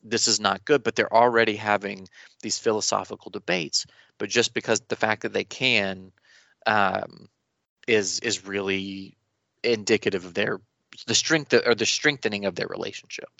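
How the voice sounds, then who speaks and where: A man co-hosting a podcast in casual chat, rambling and animated with many restarts. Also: fairly low pitch, moderate pace, creaky, no room sound, lo-fi sound. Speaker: podcast co-host.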